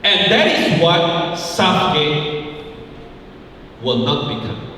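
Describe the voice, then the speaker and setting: A man's voice: fairly high pitch, expressive, very slow, sharp tone, a little hiss or hum. A man preaching a sermon as pastor, emphatic, often repeating key phrases, in a church sanctuary. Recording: echoey hall, mic far off.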